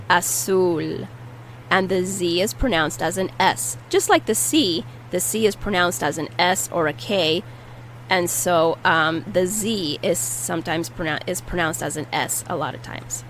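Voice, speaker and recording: A woman's voice: on the low side, a bit bright, slight background noise, poor audio. A woman teaching a language lesson, patiently repeating each word and explaining how to pronounce it. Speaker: Spanish teacher. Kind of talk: vocabulary lesson with repetition drills.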